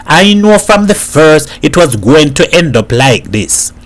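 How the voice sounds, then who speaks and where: A man's voice: on the high side, sing-song, measured pace, pitched above the performer's own voice. A man putting on a smug gossiping neighbor woman. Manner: knowing, told-you-so.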